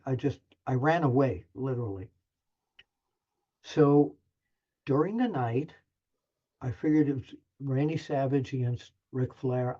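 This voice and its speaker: Older male storyteller, chatty and wry, mid-pitched, muffled lo-fi sound. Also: mellow. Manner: chatty, self-deprecating, lots of restarts. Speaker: wrestling journalist, guest. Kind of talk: animated storytelling anecdote. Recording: muffled lo-fi audio.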